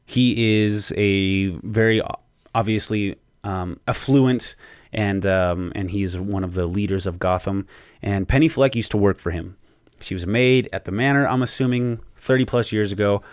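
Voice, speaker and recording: Excited podcast guy, low voice, swears a lot, dry sound. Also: normal speed, clean tone, no room sound. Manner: excited, profane, lots of fillers. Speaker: podcast host. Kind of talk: casual chat.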